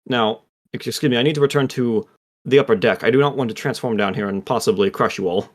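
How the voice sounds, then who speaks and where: A man's voice: medium pitch, quick pace, close to an everyday voice. A man voicing a polite, formal male dragon in human form in a tabletop game. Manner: courteous, formal.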